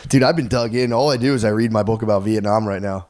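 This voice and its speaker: A man's voice: fairly low pitch, fast, darkish tone. A man co-hosting a podcast, telling a story in a loose, profane, rambling way. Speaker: podcast co-host. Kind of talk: casual chat.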